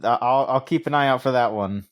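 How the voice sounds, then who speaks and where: A man's voice: medium pitch, normal speed. A man co-hosting a games podcast, talking in a loose, rambling way with frequent restarts and laughs. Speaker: podcast co-host. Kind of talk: casual chat.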